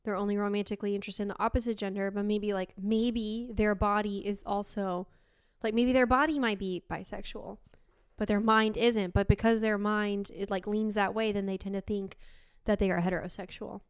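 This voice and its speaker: A young woman from Argentina in casual podcast chat, chatty and quick to laugh. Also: medium pitch, smooth, no room sound, clean studio sound. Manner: laughs often, chatty and animated.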